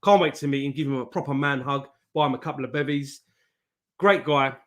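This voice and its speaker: A man's voice: mid-range voice, a little fast, a bit bright. A man hosting a live stream, chatting casually, greeting viewers by name, swearing freely and laughing often. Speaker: host of a live trading stream.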